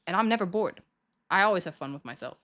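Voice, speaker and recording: A woman's voice: on the low side, animated, quick pace, a bit bright. Chatty young woman streamer, laughing. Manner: chatty, self-mocking, laughs often, acts out quoted dialogue. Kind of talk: casual chat to stream viewers.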